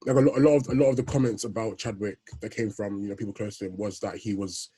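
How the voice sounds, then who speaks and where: A man co-hosting a podcast, chatting casually and halting, repeating words before landing his point. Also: fairly low pitch, steady tone, warm tone, breathy edge. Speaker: podcast co-host. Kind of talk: casual chat.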